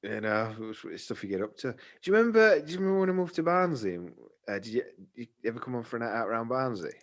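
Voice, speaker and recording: Lively man telling stories. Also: mid-range voice, rapid-fire. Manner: lively storyteller, laughs often. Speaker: podcast co-host. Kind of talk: casual chat.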